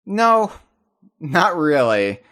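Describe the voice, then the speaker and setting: A man in casual podcast chat about video games, restarting his sentences often with animated asides. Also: fairly high pitch, extremely slow. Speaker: podcast co-host.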